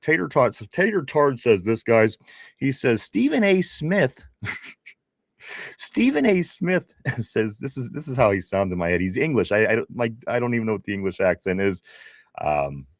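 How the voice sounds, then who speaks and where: A man's voice: lowish voice, animated, fairly quick, dry recording, studio quality. A man co-hosting a casual live stream, reading viewer comments aloud with laughs, restarts and teasing.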